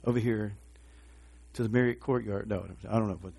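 A man's voice: fairly low pitch, steady tone, a little fast, gravelly, darkish tone. A man preaching a sermon, asking the congregation to respond and acting out short voices. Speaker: pastor.

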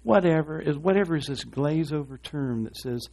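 A man preaches to a congregation with a husky, somewhat dark voice. He calls out for responses from the room and slips into short acted voices to make his point. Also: a little high, moderate pace. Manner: animated preaching with call-and-response, acting out voices. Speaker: pastor. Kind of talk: sermon.

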